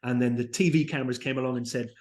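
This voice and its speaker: British man, enthusiastic storyteller, echoey room, middle pitch. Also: steady tone, racing, a little mellow. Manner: enthusiastic, storytelling, acts out quotes. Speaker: company founder, podcast guest. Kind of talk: casual interview chat. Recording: roomy echo.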